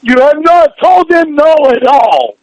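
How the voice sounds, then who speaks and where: A man with a very high voice rants in a furious private argument, swearing constantly. His voice is sore and strained from shouting, and he keeps pressing demands without letting up. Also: very animated, a little slow, no echo, lo-fi sound.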